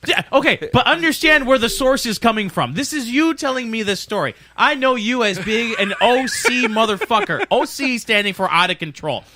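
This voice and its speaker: A man's voice: very high-pitched, lively intonation, normal speed, few pauses, noisy background. A man hosting a casual podcast, teasing and provoking his co-hosts with crude jokes. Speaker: podcast host.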